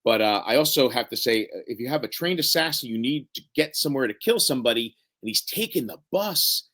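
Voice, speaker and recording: A man's voice: medium pitch, lively intonation, brisk, a bit bright. A man who is a guest on a casual podcast chat, talking hesitantly with many fillers.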